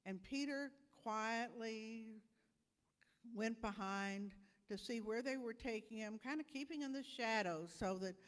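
Give me a woman telling a Bible story to children, animated, echoing in a big church. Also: a little high, measured pace. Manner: animated storyteller explaining for little kids. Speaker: children's message speaker. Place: church sanctuary. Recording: long church reverb.

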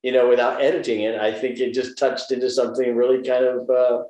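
A man's voice: medium pitch, little pitch movement, fast talker, warm tone. A man in his seventies from the United States, an actor being interviewed, thoughtfully telling stories and giving advice. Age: 70s. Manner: thoughtful, storytelling, gives advice. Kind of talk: reflective conversational interview. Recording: roomy echo.

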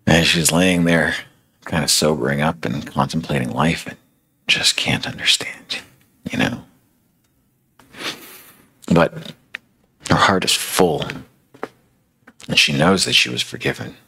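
A man's voice: extremely low pitch, expressive, measured pace, creaky, pauses often, sharp tone, husky. A man preaching a sermon, retelling a story in a casual, conversational way with many fillers.

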